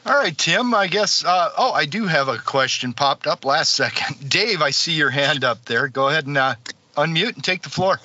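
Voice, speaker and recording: Very bright, breezy meeting moderator man. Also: a little high, lively intonation, moderate pace, no room sound. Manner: breezy, jokey. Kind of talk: hosting a meeting Q&A. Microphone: video call. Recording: dull dry video call audio.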